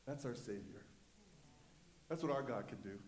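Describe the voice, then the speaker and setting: A man's voice: medium pitch, expressive, normal speed, echoey room, slight background noise. A male pastor preaching a sermon in an impassioned, emphatic way. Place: church.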